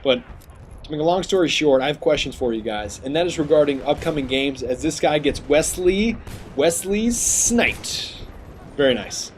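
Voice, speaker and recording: A man giving chatty, rambling gameplay commentary, getting sidetracked and excitable over his kills. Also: a little high, brisk, a little hiss or hum. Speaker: gaming commentator.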